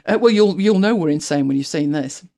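In casual panel talk on a talk show, a UK co-host chats loosely, wandering through many fillers and false starts. The voice is warm and expressive, medium in pitch, brisk, with some vocal fry.

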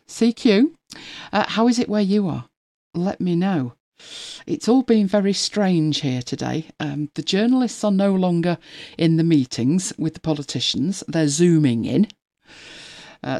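A woman's voice: sits low, darkish tone, no room sound, studio quality. A middle-aged woman hosting a casual live stream, chatting at length and laughing often as she talks. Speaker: livestream host.

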